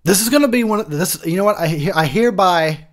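Rambling, swearing man with slightly high voice. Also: lively intonation, fast talker. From Texas. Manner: rambling, swearing, frustrated ranting. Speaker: movie commentary host. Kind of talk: drunk casual movie commentary. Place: home room near a window. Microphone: home recording mic.

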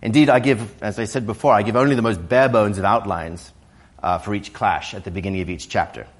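A man with a hoarse voice from a cold, an author giving a public lecture in a museum, at times hesitant with fillers and restarts. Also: fairly low pitch, steady tone, brisk.

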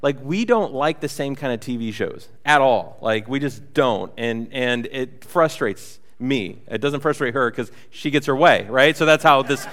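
A man's voice: mid-range voice, expressive, a little slow, few pauses, a bit bright, big-room sound. A man preaching a sermon as pastor, conversational and joking, with many fillers and restarts. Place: church hall.

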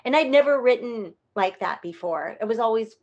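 A woman telling a story in casual conversation, animated and acting out the voices of the people she quotes. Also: a little high, normal speed, dull audio. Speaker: guest performer.

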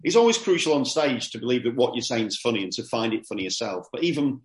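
A man's voice: mid-range voice, animated, quick pace, echoey room. A middle-aged man, a comedian being interviewed, talking casually and animatedly, often repeating words as he starts his sentences. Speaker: comedian guest.

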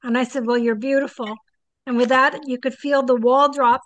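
A woman's voice: sits high, steady tone, normal speed, no echo, lo-fi sound. An older woman, a psychic guest, telling stories in a casual interview and animatedly acting out the people she quotes.

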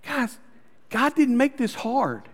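A male pastor preaching a story-driven sermon, calling the congregation "guys" and dropping to soft, intimate tones. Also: very high voice, sing-song, takes it slowly, in a large hall.

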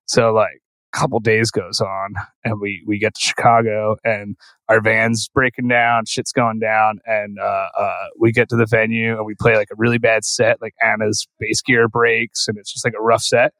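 A man's voice: fairly low pitch, flat delivery, moderate pace, fairly bright tone, no echo, rough recording. A man guest on a podcast, telling tour stories in a rambling, profane way and saying "like" constantly. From Philadelphia. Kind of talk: casual storytelling.

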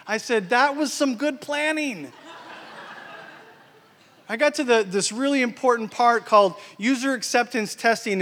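A man giving a sermon as a guest preacher, telling a story in an animated way that swings between loud and hushed. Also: very high voice. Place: church. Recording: church hall reverb.

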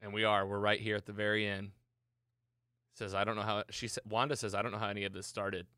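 A man hosting a podcast, retelling a TV episode in casual, excited chat. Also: lowish voice, fast, no echo, studio quality. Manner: excited, animated storytelling. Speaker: podcast host recapping a TV episode.

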